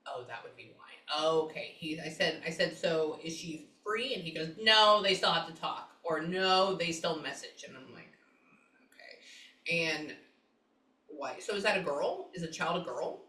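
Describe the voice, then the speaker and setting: A woman working as a psychic medium, talking casually with clients and thinking aloud with frequent pauses and asides. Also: low-pitched, animated, pushed and bright, far from the mic. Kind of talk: casual session talk. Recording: roomy, from off the mic.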